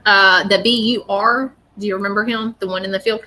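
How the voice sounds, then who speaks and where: A woman's voice: medium pitch, fairly even intonation, fairly quick, sharp tone. A woman giving a live psychic reading, earnest and reassuring, often repeating her words. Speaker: psychic medium.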